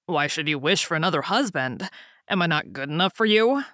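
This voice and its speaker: A woman reading a storybook aloud, voicing a stern male fiddler who scolds his wife slowly and firmly. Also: deep voice, expressive, fairly bright tone, dry recording, studio quality. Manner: scolding, slow and firm. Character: gruff stern male fiddler, a disguised king.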